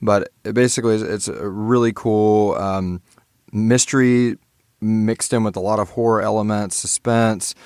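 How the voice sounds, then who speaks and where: A man hosting a podcast interview, talking in a rambling, halting way with many restarts. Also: lowish voice, steady tone, a little mellow, clear, resonant tone, no echo, studio quality. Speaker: podcast host. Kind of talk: casual interview chat.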